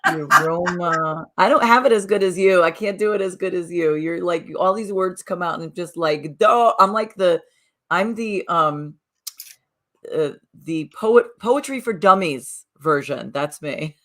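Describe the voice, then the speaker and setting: A woman's voice: on the low side, unhurried, a bit bright. Chatty woman co-hosting a morning chat. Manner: chatty, rambling, upbeat self-promotion. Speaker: co-host. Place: Southern Connecticut.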